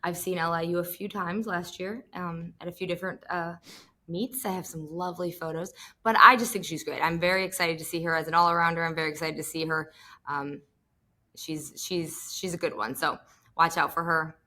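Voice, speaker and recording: Bright-voiced gushing female co-host. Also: fairly low pitch, steady tone, fairly quick. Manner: enthusiastic, gushing, playful. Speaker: podcast co-host. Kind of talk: casual sports chat.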